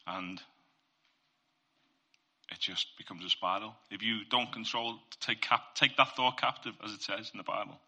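Earnest man with a sharp, bright voice. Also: on the low side, normal speed. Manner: earnest, conversational, addresses listeners directly. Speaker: Christian speaker sharing testimony. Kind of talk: informal faith talk.

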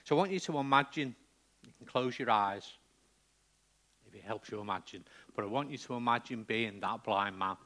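A man's voice: fairly low pitch, moderate pace, pauses often, sharp tone. A man preaching a sermon in a conversational way, often checking in with the congregation.

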